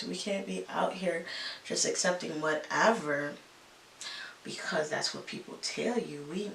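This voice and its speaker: A woman's voice: lowish voice, measured pace, vocal fry. A woman vlogger chatting casually while getting ready, earnest and emphatic as she encourages her listeners. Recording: echoey room, mic at a distance, faint hiss.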